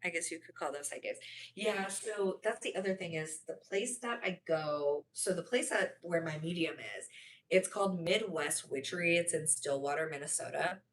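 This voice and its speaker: A woman's voice: on the low side, moderate pace, slight background noise. A young woman chatting on a livestream, reading viewers' comments and rambling through stories with lots of fillers and self-corrections.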